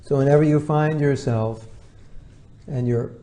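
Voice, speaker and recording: A man's voice: mid-range voice, fairly even intonation, a little slow, mellow. A man giving an informal lecture to devotees as their spiritual teacher, talking conversationally and acting out the voices of people he quotes.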